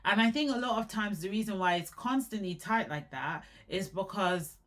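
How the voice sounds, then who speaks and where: A young adult woman in casual live commentary on hair care, chatty and animated, often repeating and restarting words. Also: medium pitch, moderate pace.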